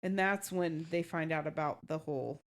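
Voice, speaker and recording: A woman's voice: deep voice, moderate pace. A woman co-hosting a book podcast, talking frankly and matter-of-factly in casual chat. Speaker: podcast co-host.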